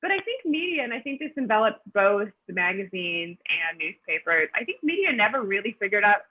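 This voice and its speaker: A woman's voice: medium pitch, big pitch swings, fairly quick, husky. Woman on a tinny video-call line. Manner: chatty, frequent ums and restarts. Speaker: guest author. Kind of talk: casual storytelling answers.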